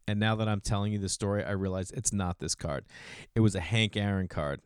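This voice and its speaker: A man in his forties telling rambling, self-deprecating stories in a casual monologue, clearing his throat now and then. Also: fast talker, dry recording, clean studio sound. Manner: rambling, self-deprecating, gets louder and higher when excited. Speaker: podcast host.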